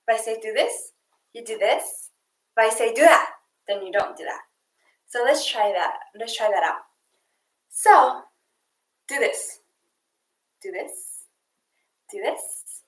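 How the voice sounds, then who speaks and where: A young woman coach leading girls through an online exercise game, counting reps out loud in an upbeat way. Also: fairly high pitch, roomy sound, rough recording. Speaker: youth sports coach.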